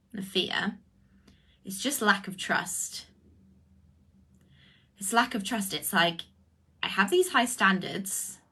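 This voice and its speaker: Bright-voiced woman on a livestream. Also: mid-range voice, breathy edge. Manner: effusive, drawn-out exclamations. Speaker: spiritual coach. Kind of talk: livestream talk answering comments. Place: indoors, live video stream.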